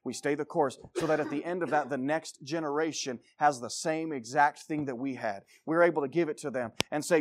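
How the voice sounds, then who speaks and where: A man preaching a sermon with passion, swinging from loud exhortation to low intensity and repeating phrases for emphasis. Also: fast, few pauses, dry recording.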